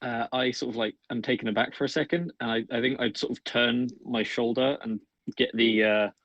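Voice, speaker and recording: A man's voice: medium pitch, fairly even intonation, a little fast, a bit bright, no echo, dull audio. A man playing a tabletop game, talking casually and hesitantly with fillers. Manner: casual, hesitant, laughs often. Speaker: player. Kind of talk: tabletop role-play chat.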